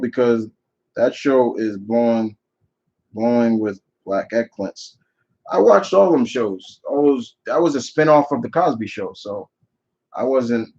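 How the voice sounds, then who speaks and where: A man's voice: medium pitch, darkish tone. Male host for a live Q&A stream, mid-range voice, opinionated and rambling with lots of restarts, on slightly dull lo-fi audio. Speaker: channel host answering viewer questions. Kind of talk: live Q&A chat.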